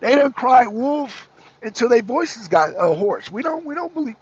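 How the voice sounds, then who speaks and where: A man rants through heated political commentary, hammering his points with repetition and mocking asides. His voice sits high and husky. The sound is dull and lo-fi. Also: expressive, normal speed. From United States. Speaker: talk show co-host.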